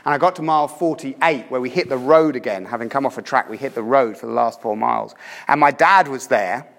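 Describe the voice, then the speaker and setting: A man preaching a sermon, telling a story emphatically and swinging between loud urging and hushed tones. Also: medium pitch, brisk, vocal fry. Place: church. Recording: reverberant church hall.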